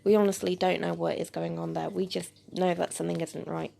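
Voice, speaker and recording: A woman voicing an anxious waitress who gives quiet warnings. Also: fairly low pitch, little pitch movement, a little fast, vocal fry, a little hiss or hum. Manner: urgent, warning. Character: worried adult female waitress, guarded.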